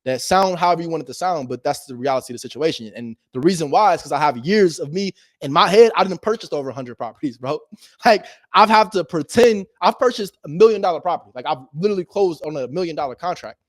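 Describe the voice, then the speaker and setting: Brief: male investor-coach, slightly high voice, punchy repetitive motivational delivery, slang, quick laughs. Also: expressive, no echo, clean studio sound. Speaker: real estate investor teaching wholesaling. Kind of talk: motivational casual teaching.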